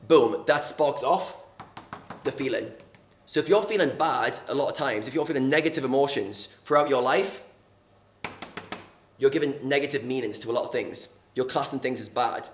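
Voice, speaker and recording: A man's voice: mid-range voice, normal speed, a little hiss or hum. A man coaching viewers on mindset, explaining earnestly and repeating key words, sometimes acting out little examples. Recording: echoey room.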